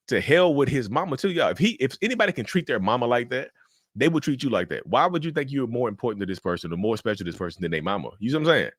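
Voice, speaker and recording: A man's voice: mid-range voice, sing-song, racing, no room sound. Guy ranting about a story, lots of rhetorical questions, says y'all a lot, dry room. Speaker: commentator on viewer stories. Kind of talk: casual reaction commentary.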